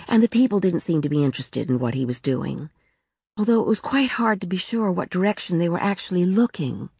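A woman narrating a short story in a calm, even manner. Her voice is very low and husky. The sound is dry and close. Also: fairly quick, dry recording. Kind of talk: reading a short story aloud.

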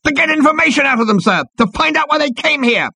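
A man voicing a shrill, furious and officious male alien officer who squeals and shouts. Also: expressive, fast talker, vocal fry, no echo, heavily acted. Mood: furious shouting.

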